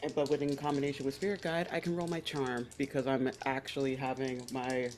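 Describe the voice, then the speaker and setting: A player in a tabletop game, explaining their moves and rolls in an unhurried way. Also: medium pitch, little pitch movement, darkish tone, faint music behind.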